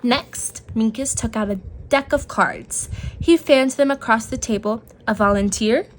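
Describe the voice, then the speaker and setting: A woman reads a children's picture book aloud in a gentle, expressive way. Her voice sits fairly high, and she takes the story at a slow, careful pace. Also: a little hiss or hum.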